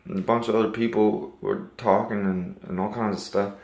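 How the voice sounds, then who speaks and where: A man with a fairly low voice recounts a dream in an earnest, rambling way, circling back with likes and restarts. The sound is roomy, with echo off the walls. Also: steady tone, moderate pace, gravelly, a little mellow. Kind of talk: casual personal storytelling.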